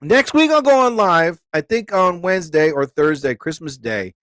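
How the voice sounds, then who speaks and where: A man's voice: fairly high pitch, expressive, moderate pace, a bit bright, dry recording. A man hosting a casual live stream, rambling and joking as he talks to his viewers.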